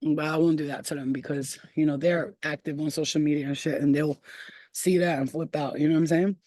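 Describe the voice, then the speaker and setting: A woman's voice: low-pitched, steady tone, brisk, mellow, no room sound. A woman in her thirties hosting a livestream, telling blunt, profane stories to her chat and laughing often. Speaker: livestream host. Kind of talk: casual storytelling to live chat.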